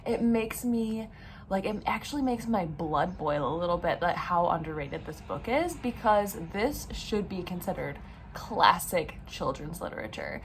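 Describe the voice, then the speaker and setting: A woman's voice: lowish voice, animated, a little slow, a little hiss or hum. A young adult woman vlogging in a bubbly, gushing way, full of "like" and "oh my gosh". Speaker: book vlogger. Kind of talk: casual vlog chat.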